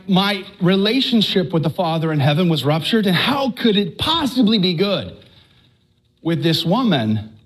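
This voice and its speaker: A middle-aged man from Texas giving a live personal faith testimony, telling it with animated storytelling full of stammers and restarts. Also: sits high, breathy edge.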